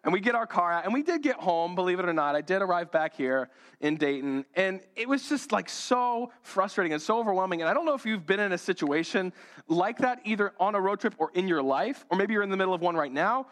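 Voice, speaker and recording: A man's voice: sits high, expressive, quick pace, a bit bright. A young man giving a sermon as a rambling personal story, talking casually with lots of fillers. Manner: rambling, conversational, many fillers. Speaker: pastor.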